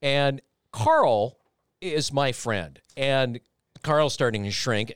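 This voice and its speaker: A man telling a story in a lively way, acting out the people in it, played back as a podcast clip. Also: mid-range voice, slow pace, clean tone, no room sound, studio quality. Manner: animated, acts out voices, laughing through the story. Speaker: radio host and guest. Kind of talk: animated storytelling.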